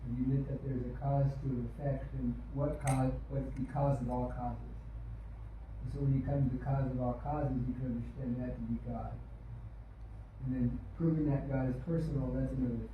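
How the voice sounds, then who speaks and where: A man's voice: mid-range voice, level tone, brisk. A man answering in a class discussion, reasoning step by step. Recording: distant, echoey, dull recording with noise.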